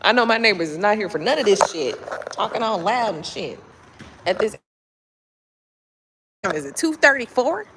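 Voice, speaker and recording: A woman's voice: mid-range voice, animated, normal speed, pauses often, fairly bright tone, big-room sound, slight background noise. A woman doing a blunt, profane casual chat with her live viewers, talking to them from home at night. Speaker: tarot reader.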